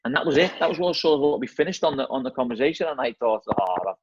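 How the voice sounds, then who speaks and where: Over a noisy crowd, a middle-aged Scouse football manager tells stories as a guest in a casual chat, talking very fast with a medium-pitched, expressive voice. He's chatty, repeats words, and keeps saying "mate" and "you know what I mean". The audio is dry, lo-fi, and slightly dull.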